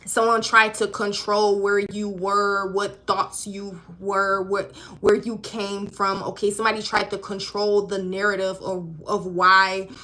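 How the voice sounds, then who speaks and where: A woman reads for her viewers on a live stream. Her voice has a bright, sharp edge. She talks in a blunt, swearing, conversational way that hammers each point home, at a middle pitch. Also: flat delivery, a little slow, hardly any pauses. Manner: emphatic, profane, conversational. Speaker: intuitive card reader. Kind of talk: live-streamed spiritual reading.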